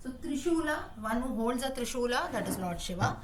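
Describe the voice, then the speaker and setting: A woman's voice: on the high side, animated, brisk, slight background noise. A woman teaching a class, explaining word meanings patiently and repeating terms as she rephrases. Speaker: Sanskrit teacher.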